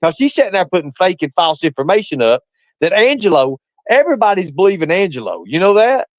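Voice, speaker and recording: A very animated man with a high-sitting voice talks fast as a live-stream guest caller, ranting with lots of swearing. He gets defensive and blunt, saying things again for emphasis. There's no echo, though the audio is poor.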